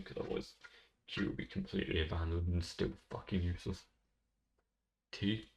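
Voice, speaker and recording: A young man with a deep voice that crackles with fry. He rambles through jokey, offhand commentary and swears freely. He speaks close to a microphone in his own bedroom. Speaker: tier-list video host. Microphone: desk microphone.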